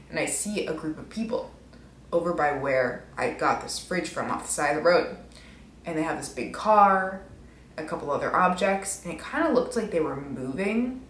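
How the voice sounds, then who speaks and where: A woman's voice: low-pitched, echoey room, a little hiss or hum. A young woman in her twenties telling stories on her vlog, rambling and poking fun at herself. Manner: rambling, self-mocking, many "like"s. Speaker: vlogger. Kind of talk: casual storytelling.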